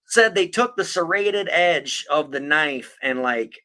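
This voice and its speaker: A man's voice: fairly high pitch, lively intonation, measured pace, bright, forceful tone. A man hosting a podcast, chatting casually about true crime in a blunt, profane, mocking way, rambling with lots of fillers. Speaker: podcast host.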